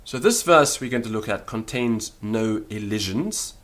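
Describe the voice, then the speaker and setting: Slow, low-voiced male Latin teacher. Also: animated, a bit bright. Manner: slow, deliberate, carefully sounding out syllables. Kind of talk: spoken lecture.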